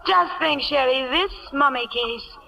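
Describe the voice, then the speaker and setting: A woman playing a vain, glamorous stage actress in a vintage radio drama, with an affected, breathy delivery. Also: sits high, measured pace, pushed and bright, exaggerated voice, low-quality recording. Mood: dramatic, wistful. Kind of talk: 1940s radio acting. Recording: old radio broadcast with faint hiss.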